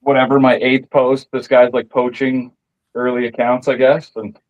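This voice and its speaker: A man's voice: mid-range voice, level tone, normal speed. Easygoing man on a dull lo-fi mic. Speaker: artist. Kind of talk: casual chat. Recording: dull lo-fi sound.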